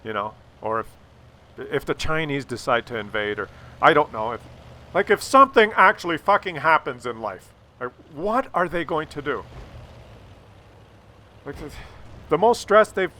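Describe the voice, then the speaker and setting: A man's voice: a little high, very animated, normal speed, pauses often, pushed and bright, a little hiss or hum. An older man telling a rambling, sarcastic, profane story as a gaming YouTuber talks over gameplay.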